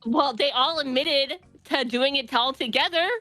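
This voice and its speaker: A woman plays a comedic tabletop game with a brash, joking, foul-mouthed manner. Her voice is high and bright, with faint music behind. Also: normal speed, dry recording. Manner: brash, joking, swears freely. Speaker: guest player.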